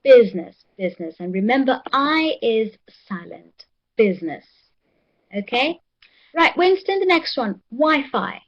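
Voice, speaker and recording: A woman teaching an English pronunciation lesson, encouraging and repeating words slowly for the class. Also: fairly high pitch, very animated, highs cut off.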